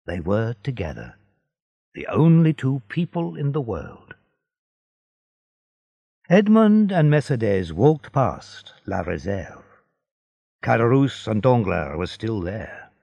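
A man narrating a storybook in a measured, expressive reading. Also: on the low side, creaky, slightly rough, no room sound, highs cut off.

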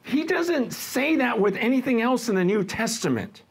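A middle-aged American man preaching a sermon in a conversational, lively way, with frequent fillers and restarts. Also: very high voice, normal speed, husky. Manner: conversational, lively, laughs with the congregation. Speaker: pastor.

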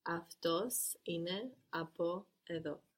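A woman answering as a learner in a language lesson, giving hesitant replies with pauses. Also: fairly low pitch.

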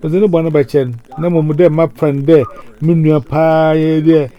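A man talking in a lively, excitable way, often repeating words and restarting his sentences. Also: a little high, moderate pace, dull audio. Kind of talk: lively spontaneous speech. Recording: crowd noise behind.

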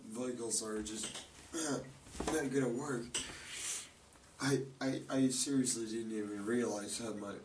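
Feverish man with cracking voice, echoey. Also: mid-range voice. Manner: frequent throat clearing, swears casually. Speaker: musician jamming with friends. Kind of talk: casual rambling chat. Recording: echoey room mic from far off with noise.

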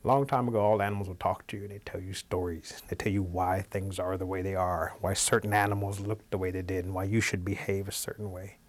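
A man telling a traditional animal folk tale in a relaxed, animated storytelling manner. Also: sits low, fast, hardly any pauses.

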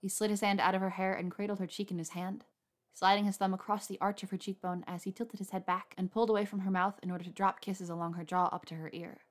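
A woman narrating a romance story aloud in a soft, unhurried reading voice. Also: mid-range voice, flat delivery. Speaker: audiobook narrator.

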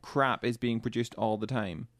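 A man's voice: medium pitch, fairly even intonation, moderate pace, no room sound. Opinionated male co-host, dry close sound. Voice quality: opinionated, ranting, exasperated emphasis. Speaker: radio co-host. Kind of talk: casual radio chat. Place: radio studio.

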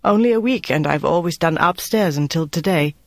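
A man voicing a tall woman cleaner who answers quietly and politely. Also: fairly high pitch, brisk, gravelly, no echo.

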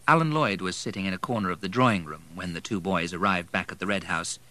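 A man narrating an audiobook in a measured, even manner. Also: sits low.

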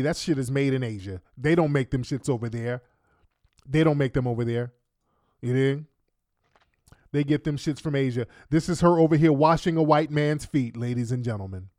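A man's voice: mid-range voice, darkish tone, no room sound, studio quality. Heated mocking man. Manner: mocking, heated, crude slang. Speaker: podcast host. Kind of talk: commentary on played clips.

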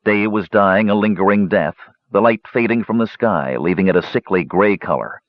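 Guy reading a fantasy audiobook, dull dry recording, expressive. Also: fairly low pitch, moderate pace, no echo. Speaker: audiobook narrator. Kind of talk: dramatic fantasy audiobook narration.

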